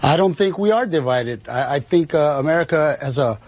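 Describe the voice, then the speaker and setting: A man's voice: a little high, lively intonation, moderate pace, dry recording. A man speaking as a political guest in a TV debate, insistent and full of fillers.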